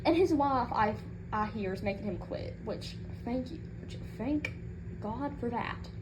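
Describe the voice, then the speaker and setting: A woman doing a comedic in-character rant as a proud mother, sassy and rambling, indignant on her son's behalf. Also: on the high side. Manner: sassy, rambling, indignant, with Southern-style turns of phrase. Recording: noticeable background noise.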